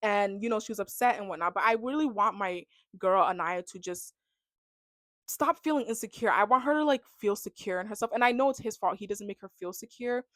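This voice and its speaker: A young woman ranting casually about a reality show, full of "like" and animated reactions. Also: mid-range voice, fairly quick, dry recording. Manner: chatty, heavy on "like", animated reactions. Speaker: reality TV recap vlogger. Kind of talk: casual rant to camera.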